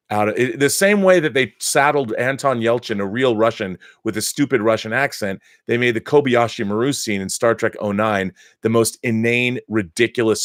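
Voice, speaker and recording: A man's voice: on the low side, dry recording, clean studio sound. A middle-aged man hosting a casual live-stream chat, ranting with strong opinions and frequent restarts. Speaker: host.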